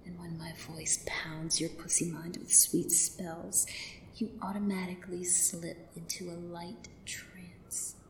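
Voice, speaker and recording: A woman in a commanding yet soothing whispered role-play, drifting between a soft voice and a whisper. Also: on the low side. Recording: roomy echo, faint background hiss.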